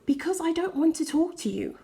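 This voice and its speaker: A woman's voice: extremely high pitch, sing-song, vocal fry, mellow, voice pushed up, heavily acted. A woman reading aloud voicing an irritated teenage girl who snaps at her little sister. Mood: snappish. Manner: snappish, quick.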